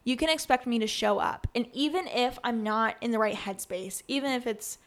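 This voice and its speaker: A woman's voice: a little high, normal speed. A woman in her twenties hosting her own podcast, talking in an earnest, chatty way with lots of "like" and restarts. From USA. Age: 20s. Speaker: podcast host. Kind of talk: casual solo podcast talk.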